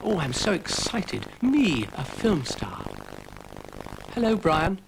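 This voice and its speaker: An excitable, sweet young British girl, played by a man with a high, breathless voice. She bubbles with eagerness. A hiss of old tape runs under her. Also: slow, creaky, full character voice. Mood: excited.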